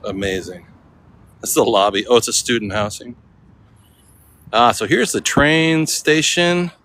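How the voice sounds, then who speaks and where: A man's voice: medium pitch, unhurried, a bit bright, poor audio. A man talking casually as he walks through a city for a vlog, rambling and laid-back, laughing often and using slang. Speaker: vlogger. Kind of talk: casual walking vlog chat. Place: city streets outdoors. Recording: outdoor street noise behind.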